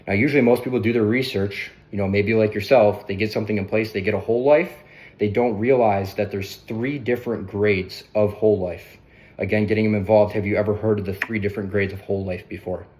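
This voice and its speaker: Fast-talking male sales coach. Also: fairly low pitch, fairly even intonation, darkish tone. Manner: brisk, conversational, often tags on "right?". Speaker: sales trainer.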